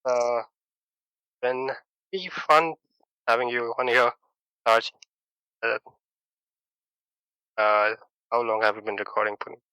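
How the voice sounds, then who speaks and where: A man hosting a casual podcast chat, agreeable and relaxed. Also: mid-range voice, slow, long pauses, clean tone, no room sound, low-quality recording. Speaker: podcast host.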